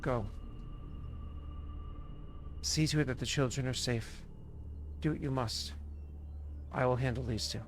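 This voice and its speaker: A calm tentacled creature that floats and speaks in short, measured commands, as a man playing game master puts it on. It comes across as steady and low-key in a tabletop game, in a plain everyday register. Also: faint music behind, lightly acted. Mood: commanding.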